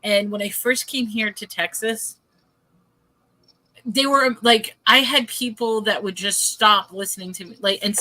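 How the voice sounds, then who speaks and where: A woman hosting a casual live-stream chat, telling stories in an animated way and laughing often over a video call. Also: medium pitch, measured pace, low-quality recording. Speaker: host.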